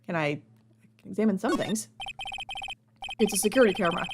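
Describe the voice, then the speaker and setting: A woman's voice: medium pitch, animated, fast, noisy background. A woman playing a video game and reading its dialogue aloud, with wry joking asides. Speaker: let's player.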